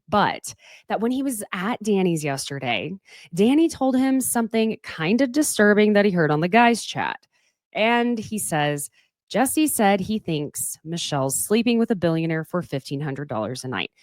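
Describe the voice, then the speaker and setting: A woman's voice: fairly low pitch, no echo, clean studio sound. A woman, hosting a casual podcast recap with lots of laughter and asides to listeners. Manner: animated, gossipy, laughs often, talks to listeners directly. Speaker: podcast host recapping a reality show.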